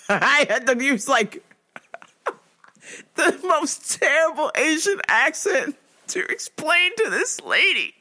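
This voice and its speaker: A woman's voice: high-pitched, sing-song, slow pace, long pauses, bright, forceful tone. A woman hosting a podcast, telling a story casually, laughing often and swearing freely. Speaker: podcast host.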